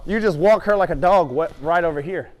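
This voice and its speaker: A man's voice: fairly high pitch, fairly quick, muffled recording. A middle-aged man who trains horses. He tells vivid stories and acts them out, then coaches a rider through a hands-on lesson in an arena. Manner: animated, vivid storyteller who acts out his reactions. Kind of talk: storytelling and hands-on riding instruction.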